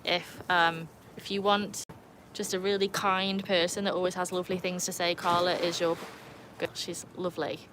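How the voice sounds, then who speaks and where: At home by her pool, a woman with a blended Birmingham and North Wales accent, from England and North Wales, runs a casual livestream and says hello to viewers by name. She speaks at normal speed in a lowish voice with little pitch movement, against background noise.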